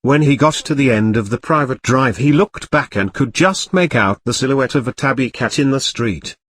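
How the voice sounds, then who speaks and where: A man narrating a comic parody storybook in an even, plain reading. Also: medium pitch, normal speed.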